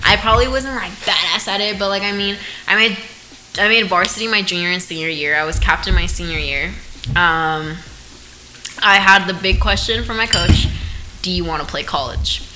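A young woman from Oregon, a podcast guest in casual chat, animated and mixing in Spanish. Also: mid-range voice, normal speed, a little hiss or hum, poor audio. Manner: animated, laughs often, mixes in Spanish.

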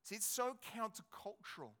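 A male pastor preaching a sermon in an animated, conversational way, asking his congregation rhetorical questions. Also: high voice, normal speed.

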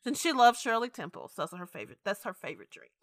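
A woman co-hosting a podcast in casual chat, animated and emotional, laughing often. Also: medium pitch, fast, no echo, studio quality. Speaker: podcast co-host.

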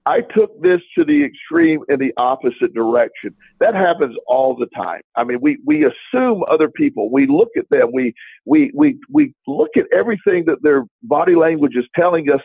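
A man's voice: a little high, big pitch swings, moderate pace, gravelly, husky, no echo. A man co-hosting a talk show, telling a long story in a casual, rambling way, with many restarts and quoted dialogue. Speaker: podcast co-host. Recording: dry, tinny phone-like line.

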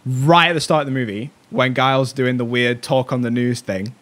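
Brief: male podcast host, animated and chatty, casual round-table. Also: medium pitch, moderate pace. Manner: animated, laughing, retelling movie lines.

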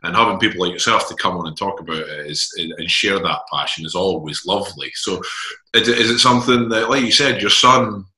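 A man hosting a casual interview, relaxed and friendly, with hesitant starts. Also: low-pitched, fairly quick. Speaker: host. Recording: echoey room.

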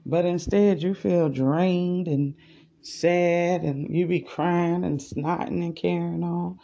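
A woman's voice: fairly low pitch, steady tone, slow, vocal fry, dark tone, muffled recording. A woman hosting a podcast, rambling in a chatty, casual way as she speaks straight to her listeners. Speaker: podcast host. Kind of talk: casual spiritual monologue.

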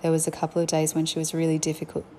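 A woman's voice: deep voice, completely flat delivery, rapid-fire, dark tone, slight background noise. A young woman, a mother, telling candid, reflective stories about family life in a chatty way. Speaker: parent sharing family life. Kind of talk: casual storytelling.

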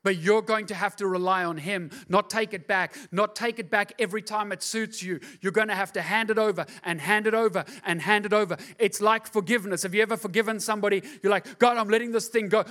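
High-voiced pastor preaching. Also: male voice, steady tone, fast, few pauses. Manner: shifts from hushed, intimate asides to loud, driving preaching; repeats words for emphasis. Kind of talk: sermon.

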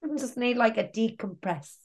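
A woman co-hosting a podcast, speaking quietly and hesitantly, often laughing along and backing up her friend. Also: on the high side, moderate pace. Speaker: podcast co-host. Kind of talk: casual chat.

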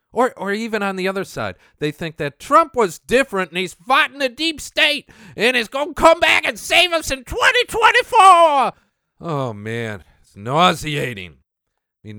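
A man's voice: medium pitch, fairly bright tone, clear, resonant tone, no room sound, clean studio sound. A man hosting a show, ranting in scornful political commentary with a sneering, mocking manner. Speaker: podcast host.

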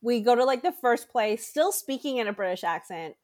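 A young woman co-hosting a casual chat podcast, telling animated stories and acting out quotes with frequent laughter. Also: fairly high pitch, fairly quick. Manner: animated storyteller, acts out quotes, laughs often. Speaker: podcast co-host.

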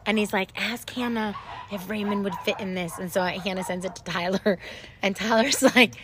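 A woman's voice: mid-range voice, level tone, a little fast, a crowd in the background. A woman co-hosting a casual chat podcast, telling rambling stories and laughing often. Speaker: podcast co-host.

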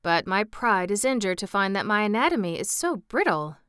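A woman voicing a proud wooden sawhorse come to life in a storybook reading, speaking slowly. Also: mid-range voice, big pitch swings, a bit bright, clear, resonant tone, dry recording, clean studio sound. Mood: wounded pride. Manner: proud, slow. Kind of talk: storybook read-aloud.

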